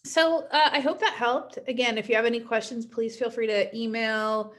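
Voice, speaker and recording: A woman's voice: on the high side, steady tone, normal speed, fairly bright tone. Chatty woman teacher, recorded lecture. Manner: chatty, frequent "right?" tags.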